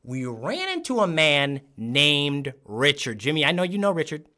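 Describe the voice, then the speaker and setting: Lively animated male podcast host. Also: fairly high pitch, normal speed. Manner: animated, laughs often, acts out quoted voices. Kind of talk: casual storytelling chat. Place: podcast studio.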